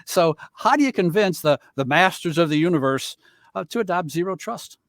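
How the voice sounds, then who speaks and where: Over a video call, a man hosts a webinar panel and brings in each guest with joking, teasing introductions. His voice is high with lively intonation at a normal pace, and the studio-quality audio carries no echo.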